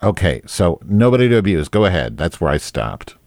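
A man's voice: sits low, sing-song, brisk, a little mellow, dry recording. A man hosting a live online talk show alone at his mic, rambling, teasing and crude. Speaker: host. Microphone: desk microphone.

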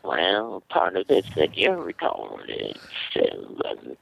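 A man's voice: sits low, huge pitch swings, slow, creaky, a bit bright, husky, rough recording. A man co-hosting a casual chat show, butting in with teasing, crude remarks. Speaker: podcast co-host.

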